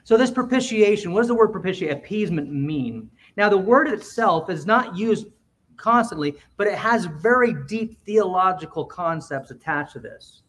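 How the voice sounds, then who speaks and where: A man preaching a sermon in a church, emphatic, with quick asides and swings between loud and quiet. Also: high voice, animated. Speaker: pastor.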